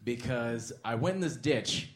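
A man doing a stand-up set, swinging from muttered asides to loud bursts. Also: mid-range voice, measured pace, echoey room. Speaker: stand-up comedian.

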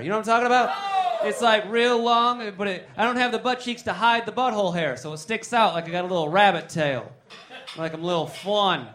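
A man's voice: sits high, a bit bright. A man doing stand-up comedy, rambling, joking and talking with the crowd.

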